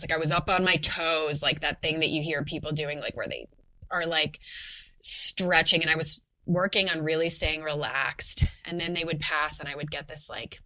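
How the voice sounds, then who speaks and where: A young adult woman in a casual podcast interview, telling a personal story in a chatty, animated way with lots of fillers. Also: low-pitched, rough recording. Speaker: podcast guest telling her birth story.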